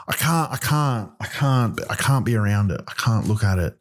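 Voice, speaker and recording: A man's voice: lowish voice, expressive. A man hosting a comedy podcast, ranting in mock outrage, full of ums and restarts. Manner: rambling, halting, with many ums and restarts; mock-outraged, exaggerating for laughs. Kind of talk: comic rant.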